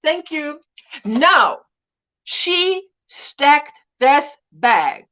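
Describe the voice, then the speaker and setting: A woman's voice: high voice, big pitch swings, extremely slow, pushed and bright. A middle-aged woman hosting a casual livestream chat, reading viewers' comments aloud and laughing often. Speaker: livestream host.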